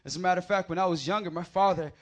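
A man preaching a sermon, swinging from loud emphatic scripture readings to quiet, casual storytelling. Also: racing. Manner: builds to loud emphatic proclamations, then drops low for anecdotes.

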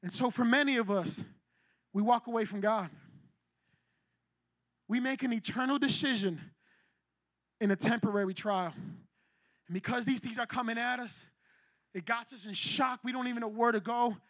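A man preaching with a strikingly high, bright and forceful voice, recorded close and dry. He talks in an animated, slangy way and acts out people's panicked reactions. It is a lively youth sermon rather than a formal one. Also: normal speed, long pauses, no echo.

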